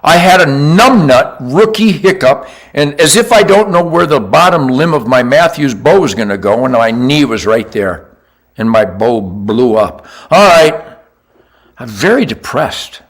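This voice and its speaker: An older man hosting tells a hunting story casually in an unhurried, medium-pitched voice. He is boastful and animated, swinging between loud outbursts and quiet mutters.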